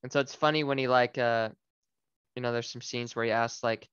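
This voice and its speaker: A man co-hosting a book podcast with a smooth, resonant voice. He talks in an easygoing, agreeable way, padding with "like". The recording is dry and a little dull. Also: mid-range voice, fairly even intonation, fairly quick, a bit bright, dry recording. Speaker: podcast co-host. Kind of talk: casual book discussion. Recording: dry, slightly dull lo-fi audio.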